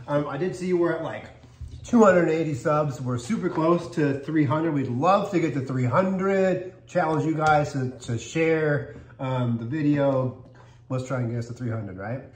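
In an echoey room with a faint noise floor, this vlog host tastes and reviews cookies, upbeat and chatty with his mouth full. His voice is on the high side and moves at a normal speed.

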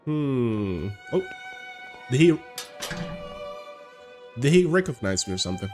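A man's voice: mid-range voice, big pitch swings, takes it slowly, pauses often, a little mellow, faint music behind. A man streaming a game, chatting casually and reading the on-screen text aloud. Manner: chatty, reacts aloud, mumbles asides.

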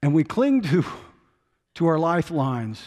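Pastor preaching in a reverberant hall. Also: male voice, a little high, very animated, a little slow. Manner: swings from loud urging to hushed, quiet intensity. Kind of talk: sermon. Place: church sanctuary.

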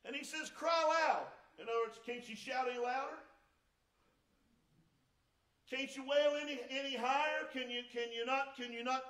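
Male pastor, very high pitch, preaching in a roomy sanctuary, rises to shouts. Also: fairly even intonation, fast talker. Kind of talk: sermon. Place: church sanctuary. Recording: echoey church sanctuary.

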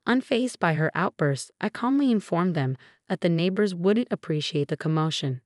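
A woman narrates a scripted first-person story in a low, even voice. Her delivery stays measured and unhurried. The sound is dry and close, with no echo.

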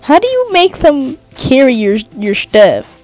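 A woman's voice: sits high, sing-song, a little slow, a little mellow, faint music behind. A woman giving casual, jokey commentary while playing a game, chatting to herself and swearing now and then. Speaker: gaming vlogger.

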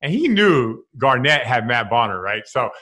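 A man hosting and telling an animated story, laughing as he talks. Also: medium pitch, moderate pace. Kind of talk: casual storytelling.

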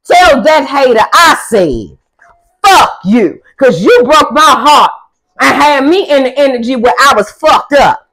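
A young adult woman doing a casual tarot reading, blunt, profane and sassy, with loud emphatic outbursts. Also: high-pitched, expressive, measured pace, poor audio. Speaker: tarot reader.

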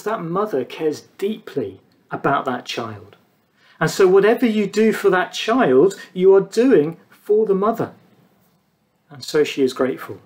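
A high-pitched man delivering a sermon in an earnest, measured way. He pauses between short phrases and lets his voice sink low on the words he wants to land. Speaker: preacher.

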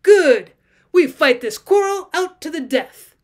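A woman's voice: sits high, expressive, unhurried, voice pushed up. A woman reading the part of a bitter, menacing poacher pinned in a forest, in a voice close to her own. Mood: snarling. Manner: quiet and menacing. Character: bitter trapped forest poacher, grim man.

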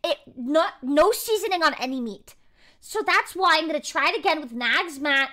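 A woman's voice: sits high, lively intonation, moderate pace, bright, forceful tone. A young woman hosting a casual livestream, chatting in a bubbly, rambling way at her home desk. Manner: bubbly, rambling, heavy "like" and "freaking". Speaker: livestream host. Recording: faint music behind.

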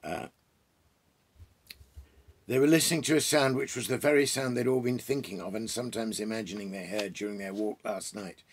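A man reading a children's story aloud in a gentle, musing way, pausing and restarting as he retells the plot. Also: lowish voice, a little hiss or hum. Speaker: reader and storyteller.

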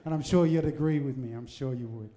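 Talking fast in a mid-range voice with a dark tone, this man hosts a live evening for supporters in a crowded hotel function room. Using a handheld mic, he delivers rousing, jokey remarks and teases the audience, whose faint chatter fills the background.

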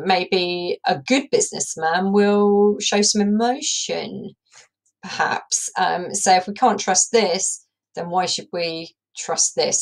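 Lower-voiced woman teacher explaining a play. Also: low-quality recording. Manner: explanatory, thinks aloud while teaching. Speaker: English teacher. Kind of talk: recorded lesson on a play.

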